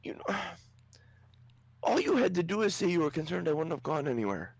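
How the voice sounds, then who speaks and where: A man doing a shrill scolding gnome king. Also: very animated, a little fast, gravelly, darkish tone, full character voice.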